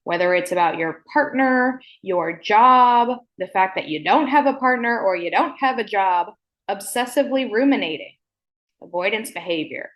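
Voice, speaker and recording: A woman hosting a self-help podcast, talking deliberately slowly and emphatically, frank and playful, often checking in with "okay?" and swearing casually. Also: mid-range voice, lively intonation, fairly bright tone. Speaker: podcast host.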